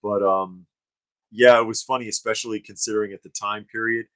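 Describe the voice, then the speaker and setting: Low, bright-voiced man chatting casually. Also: steady tone, a little fast, no echo, rough recording. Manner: rambling, trails off into fillers and restarts. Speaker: co-host of a live stream. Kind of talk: casual chat reading viewer comments. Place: studio.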